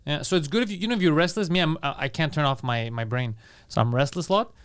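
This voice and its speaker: A man co-hosting a podcast, chatting casually and throwing in quick jokes. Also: fairly high pitch, smooth. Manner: quick, joking interjections. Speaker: podcast co-host. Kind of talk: casual banter.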